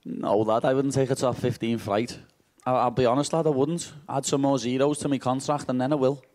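A man's voice: mid-range voice, fairly even intonation, a little fast, a little mellow. A man with a Liverpool accent answering press conference questions after a fight, brash and cheeky and swearing freely.

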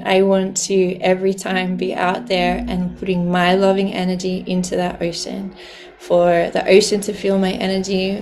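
A woman's voice: medium pitch, creaky, a little mellow. A woman telling a personal story in a heartfelt way, laughing often as she talks. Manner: heartfelt, laughs often, speaks of the ocean lovingly.

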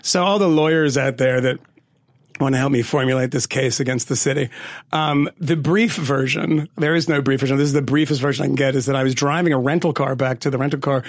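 A man co-hosting a podcast, telling a story in a lively, casual way with frequent laughs and swearing. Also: medium pitch, a little fast, no room sound, clean studio sound. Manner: animated storytelling with laughs and profanity. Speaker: podcast co-host. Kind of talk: casual chat.

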